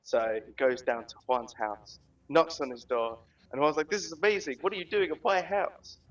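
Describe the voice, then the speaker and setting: A man in an online game telling a long shaggy-dog joke in a rambling, deadpan way. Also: a little high, moderate pace. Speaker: player. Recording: distant, dull voice-chat audio.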